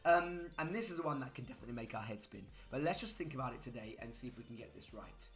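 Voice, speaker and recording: A man's voice: mid-range voice, expressive, quick pace, a bit bright. A man teaching grammar in a chatty way, spelling words out letter by letter. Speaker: English teacher. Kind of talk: grammar lesson.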